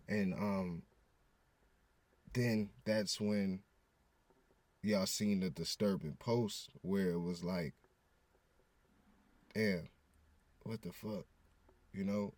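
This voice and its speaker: Male vlogger, lowish voice, dry close sound, candid and halting confessional talk. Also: a little mellow, no room sound. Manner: earnest, halting, frequent restarts, casual swearing. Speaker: vlogger, father.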